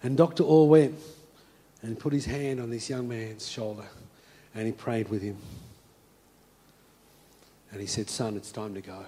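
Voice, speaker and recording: A male pastor preaching a sermon, telling a story and then moving into a soft, hushed call to prayer. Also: medium pitch, fairly even intonation, measured pace, long pauses, breathy edge. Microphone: speaking to a congregation and viewers at home.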